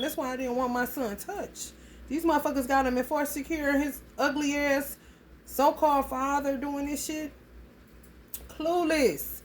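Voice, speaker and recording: A woman with a fairly high voice talks straight to her viewers in a casual reading. She is blunt and swears freely. Her delivery is loose and rambling, and a faint hiss sits under it. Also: steady tone, measured pace. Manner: blunt and heavily profane. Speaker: astrology reading vlogger.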